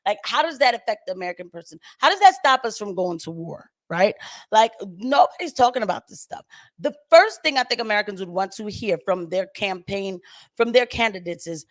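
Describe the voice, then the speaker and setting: A woman's voice: mid-range voice, lively intonation, fairly quick, no echo, studio quality. A woman speaking in an emphatic, casual way on a debate panel, full of fillers. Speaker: panelist and channel commentator.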